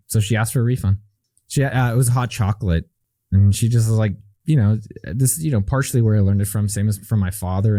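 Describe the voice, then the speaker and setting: A man speaks as a podcast guest, his voice low and mellow. The sound is close and dry, with no room around it. He talks in an animated, emphatic way, leaning into his points. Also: dry recording. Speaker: guest entrepreneur. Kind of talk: conversational interview.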